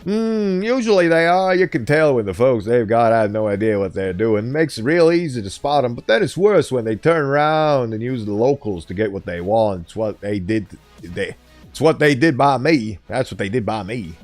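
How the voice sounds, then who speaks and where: A man's voice: mid-range voice, expressive, normal speed, a little mellow, faint music behind, close to an everyday voice. A man voicing a wary, plain-spoken local man with a folksy drawl.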